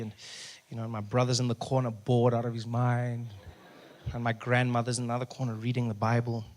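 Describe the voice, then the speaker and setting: A man from South Africa performing a stand-up comedy set, telling stories and acting out the people in them. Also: a little hiss or hum. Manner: animated storytelling, acts out voices with big pitch jumps.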